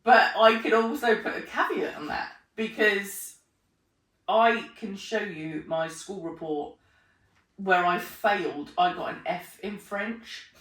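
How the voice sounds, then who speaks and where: A woman chatting in an interview, animated, acting out her own remarks and laughing often. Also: medium pitch, takes it slowly. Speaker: podcast host being interviewed. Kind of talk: casual conversational interview. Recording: roomy sound, mic at a distance.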